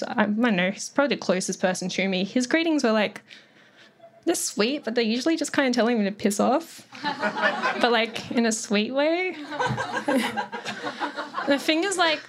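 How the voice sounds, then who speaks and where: A woman's voice: a little high, expressive, normal speed. A young woman telling a rambling comic story on stage, loose and sweary, packed with "like" and her own laughter. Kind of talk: casual stand-up storytelling. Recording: live audience laughing. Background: audience laughter.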